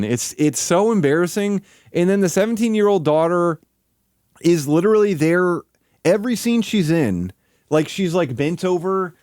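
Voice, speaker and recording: Slightly high and a little mellow, this man's voice comes through a dry, clean studio recording. He's livestreaming a casual rant, rambling and swearing, with "like" in nearly every breath.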